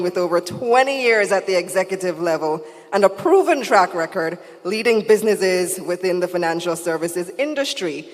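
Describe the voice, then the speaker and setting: An emcee introduces speakers in a chatty, joking way from the stage of a large conference hall. The mid-pitched voice comes through the PA with a long, ringing echo. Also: fairly bright tone. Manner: chatty, joking, laughs at own jokes. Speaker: master of ceremonies. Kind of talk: lively emcee patter with jokes and introductions.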